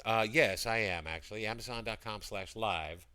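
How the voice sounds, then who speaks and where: A man's voice: lowish voice, moderate pace, few pauses, sharp tone, smooth. A man selling products on a casual livestream, rambling and greeting chat viewers by name as he talks. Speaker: livestream seller. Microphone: computer mic.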